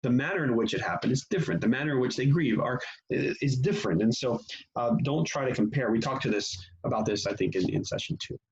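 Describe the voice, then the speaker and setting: A man leads a church teaching session and talks it through casually, with plenty of ums and restarts. His voice is gravelly and a little husky. The recording sounds dull and lo-fi. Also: mid-range voice, fast talker. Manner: conversational, frequent fillers and restarts. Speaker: pastor.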